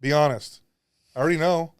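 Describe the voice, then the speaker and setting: A man's voice: on the high side, fairly quick, clean tone, no echo, clean studio sound. A man guest on a podcast, talking earnestly and confessionally about prayer, often acting out what he said to God. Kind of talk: candid faith conversation.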